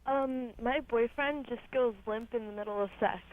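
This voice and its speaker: A woman's voice: a little high, moderate pace. A sixteen-year-old girl calling in to a radio show, speaking shyly with a few giggles. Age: teenager. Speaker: caller. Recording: tinny phone line.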